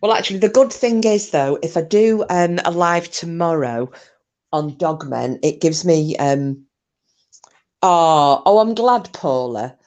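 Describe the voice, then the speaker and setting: A British woman hosts a casual livestream, her lowish voice a little mellow and her pace measured. She's a giggly, rambling storyteller who breaks into laughter while reading out comments.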